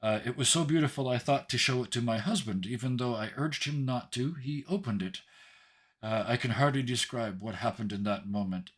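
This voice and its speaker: A man voicing a formal, rueful woman figure in a measured way. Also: medium pitch, close to an everyday voice.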